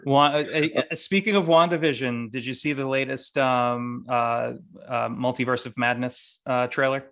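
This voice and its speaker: A man's voice: mid-range voice, steady tone, a bit bright. A man from the Boston area co-hosting a podcast, talking casually with many restarts. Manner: halting, restarts often. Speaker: podcast co-host. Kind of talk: casual chat.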